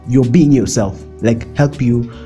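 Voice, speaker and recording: A man's voice: medium pitch, a little slow, dark tone, faint music behind. A young man giving chatty, playful motivational advice in a casual vlog, laughing often and dropping in slang. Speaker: vlogger.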